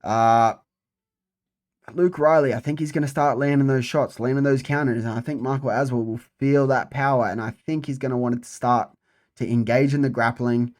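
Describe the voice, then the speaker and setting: Young guy hyping fight picks, swears a lot, repeats himself, mid-pitch voice. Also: steady tone, normal speed, a little mellow. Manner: profane, repetitive, emphatic. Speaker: MMA fight predictor. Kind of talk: casual fight breakdown monologue.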